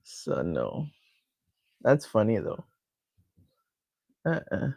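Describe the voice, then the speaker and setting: Woman, Jamaican accent, in her fifties, casual live chat, lively up-and-down voice, gravelly edge. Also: rumbling low, extremely slow, no room sound. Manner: chatty, laughs often, answers viewers directly. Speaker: hair care vlogger.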